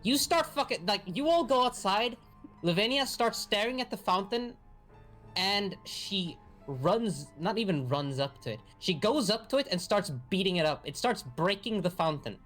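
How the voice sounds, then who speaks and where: A woman's voice: medium pitch, animated, moderate pace, a bit bright, soft background music. A woman narrating as game master in a casual, rambling way, laughing and swearing often.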